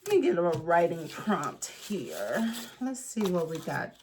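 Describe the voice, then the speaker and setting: A craft and journaling creator works through a project in a laid-back tutorial, chatting to herself and thinking out loud. Her fairly low voice is very animated, though she speaks slowly and pauses frequently, over a noisy background.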